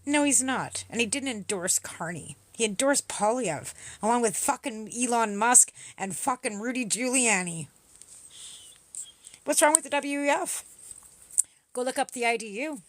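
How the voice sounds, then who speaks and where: A woman's voice: on the high side, lively intonation, normal speed. A woman hosting a livestream, arguing with commenters in a combative, profane, mocking manner. She is from Canada. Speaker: livestream host. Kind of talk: livestream chat replying to comments.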